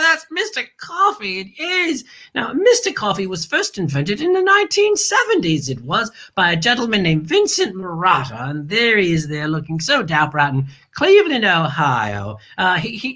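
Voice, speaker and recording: Animated, bright-voiced woman host. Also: mid-range voice, slightly rough. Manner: dramatic, stammering restarts, calls listeners darling. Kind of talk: theatrical family-show hosting.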